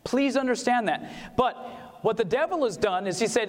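A man giving a Christian seminar talk on music, animated, quizzing the audience and singing short examples. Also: sits high, measured pace. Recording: long reverb of a hall.

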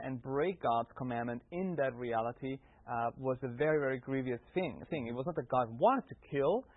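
A man's voice: medium pitch, dry recording. A man taking part in an earnest, reflective Bible discussion, speaking conversationally and sometimes restarting his words. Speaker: Bible study panelist. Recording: tinny phone-like line.

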